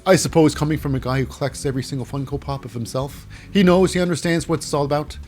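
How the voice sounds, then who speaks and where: A man's voice: a little high, quick pace, a little mellow, faint music behind. A man hosting a casual wrestling recap, rambling along with many fillers and restarts. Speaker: host.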